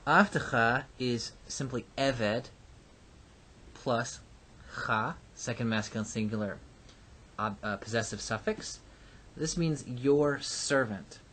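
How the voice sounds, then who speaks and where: A man teaching a recorded lesson, explaining patiently with frequent pauses and fillers. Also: mid-range voice, a bit bright. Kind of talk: recorded lecture.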